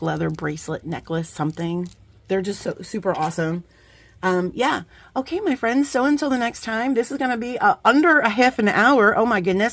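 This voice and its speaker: A middle-aged woman vlogger chatting casually while unboxing craft supplies, effusive and quick to laugh, often trailing off mid-sentence. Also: medium pitch.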